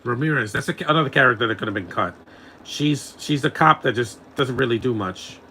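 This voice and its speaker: A man's voice: medium pitch, fairly quick, bright, forceful tone, a little hiss or hum, poor audio. A man giving casual live commentary over a film, mocking it and chuckling often.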